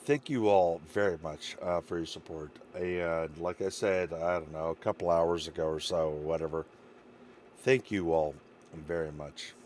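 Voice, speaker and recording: A game streamer signs off his live stream in a casual chat, his voice deep with a darkish tone and a normal pace. He rambles warmly and grows emotional while thanking his viewers, with slight background noise in the clip.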